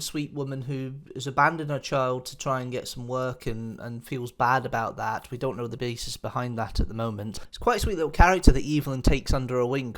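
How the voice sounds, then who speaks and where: A man's voice: medium pitch, slight background noise. A man giving a casual spoken review of an audio drama, chatty and enthusiastic, often circling back to the same phrases. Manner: chatty, enthusiastic, repeats "nice little" and "interesting".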